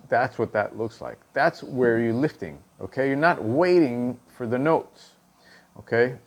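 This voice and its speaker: A man's voice: mid-range voice, expressive, unhurried, noisy background. A male drum instructor explaining stick technique, counting and calling out stickings and checking in with "okay?" after each point. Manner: counts and calls out stickings aloud.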